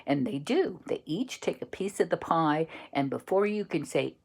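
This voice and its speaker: A woman telling an improvised bedtime story, slow and searching for words as she goes. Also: low voice, expressive.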